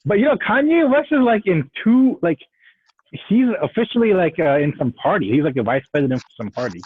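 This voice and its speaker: A man with a husky, fairly high voice talks in a rambling way, often restarting his sentences, with a lot of lively rise and fall. His voice comes through dry and tinny, like a phone line. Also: a little fast, a little hiss or hum. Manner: rambling, self-correcting, animated. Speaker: podcast co-host. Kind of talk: casual chat. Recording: tinny phone-like remote call.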